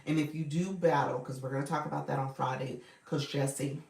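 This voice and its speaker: A woman's voice: low voice, steady tone, fairly quick, vocal fry, darkish tone, roomy sound, recorded from a distance. A woman coaching viewers on a casual livestream, upbeat and chatty, greeting people by name.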